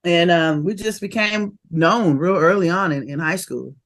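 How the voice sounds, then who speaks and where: A woman, a rapper telling stories of her early career in a casual interview, animated and quick to laugh. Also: fairly low pitch. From Oakland, California. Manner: animated and laughing, fast bursts of memories.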